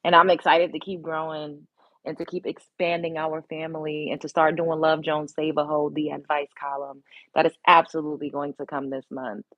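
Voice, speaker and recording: A woman's voice: low-pitched, level tone, moderate pace, dry recording, highs cut off. A woman hosting a casual live stream, chatting bluntly with viewers and swearing freely. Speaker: livestream host. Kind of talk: casual live-stream chat reading comments.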